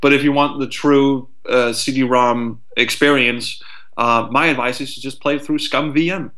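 A man of middling pitch talks as a podcast guest, lively and quick to swear. He acts out a frustrated player's thoughts as he explains things. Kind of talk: casual podcast chat.

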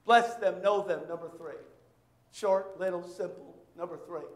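High-voiced preacher in an echoey church. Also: male voice. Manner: emphatic, repeats lines, voices quick dialogue to make points. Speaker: pastor. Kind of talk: sermon.

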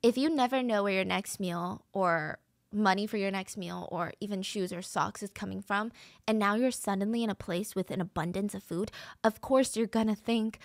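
A woman's voice: mid-range voice, moderate pace, no echo, clean studio sound. A woman hosting a true crime podcast, telling the story in a chatty, conversational way. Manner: chatty, conversational, acts out quotes.

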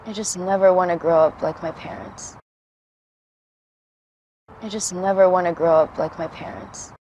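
A woman's voice: on the low side, steady tone, moderate pace, a little mellow, slight background noise, natural voice, poor audio. An actress playing a troubled teenage girl in a TV series, earnest and brooding. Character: troubled teenage girl doubting her parents. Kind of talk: TV series dialogue.

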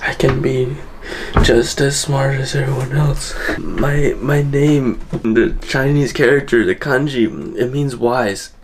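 A young man vlogging to his viewers in a casual, rambling, self-deprecating way, halting often and restarting his sentences. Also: medium pitch, steady tone, slight background noise. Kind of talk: casual talk to camera.

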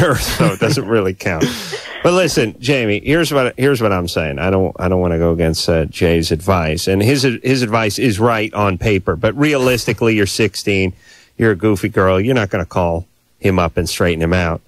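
A man's voice: deep voice, animated, fairly quick, dry recording. A man hosting a call-in advice radio show, blunt and sarcastic, mixing jokes into his advice from a radio studio.

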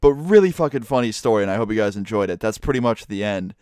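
A man's voice: on the low side, lively intonation, fast, a little mellow, no echo, studio quality. A young man casually telling a profane storytime, laughing as he goes. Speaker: storytime vlogger.

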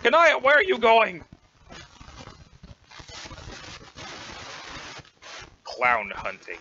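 A man voicing a furious, foul-mouthed young male troll who yells and swears constantly in a dramatic webcomic reading. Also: very high voice, muffled recording, slight background noise, exaggerated voice. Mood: bossy.

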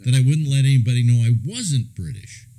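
The same older radio host from California, in a rough recording, sounds animated and fairly quick, his mid-range voice dark in tone. His anecdotes ramble, and he keeps chuckling and starting over.

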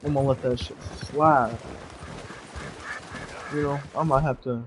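A young man giving casual gameplay commentary, profane and animated, ranting with mock outrage. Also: mid-range voice, a little slow, noisy background. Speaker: gamer streamer.

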